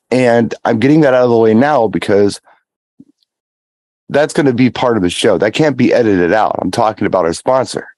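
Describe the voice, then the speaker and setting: A man's voice: on the low side, darkish tone, no room sound. A man co-hosting a live online music chat show, joking and laughing as he talks. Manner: jokey, laughs often. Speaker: co-host.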